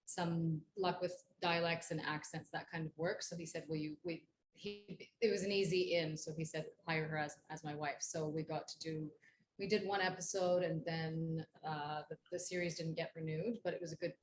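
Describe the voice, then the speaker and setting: An actress chats in an interview and tells anecdotes with energy, slipping into the voices of people she quotes. Her voice sits a little low for a woman. Faint background noise runs under the recording. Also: moderate pace. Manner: lively storyteller, acts out quoted voices. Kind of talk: casual interview storytelling.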